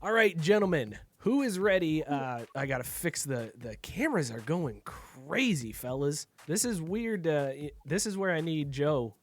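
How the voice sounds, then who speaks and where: A man's voice: a little high, very animated, normal speed, hardly any pauses. A man hosting a casual podcast chat over a video call, joking and laughing often at his own lines. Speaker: podcast host.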